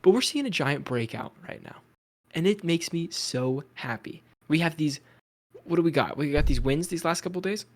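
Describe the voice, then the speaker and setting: A man co-hosting a casual podcast, talking loosely with lots of fillers and animated asides. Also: fairly high pitch, normal speed, a little hiss or hum. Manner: chatty, animated, many fillers. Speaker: podcast co-host. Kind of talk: casual chat.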